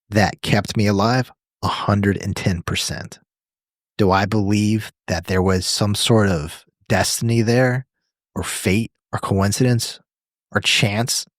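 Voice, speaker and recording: A man's voice: fairly low pitch, dry recording, studio quality. A man co-hosting a podcast, telling a story with emphasis and answering his own questions. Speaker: podcast co-host.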